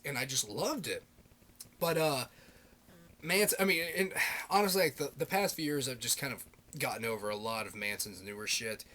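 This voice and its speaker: A man in his thirties rambling excitedly in a casual video blog, swearing constantly and piling up fillers. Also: on the high side, a little fast. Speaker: video blogger.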